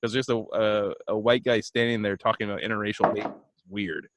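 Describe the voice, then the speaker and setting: A man co-hosting a casual comedy chat, telling a story in a halting, self-deprecating way and acting out the voices of the people in it. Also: fairly low pitch, background noise. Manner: animated storyteller, acts out voices. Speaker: podcast co-host.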